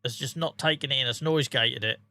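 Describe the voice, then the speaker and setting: A man's voice: mid-range voice, a little fast, pushed and bright, dry recording. A man chatting casually on a live game stream, bantering, laughing often and answering viewers' messages. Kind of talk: casual live-stream chat over gameplay.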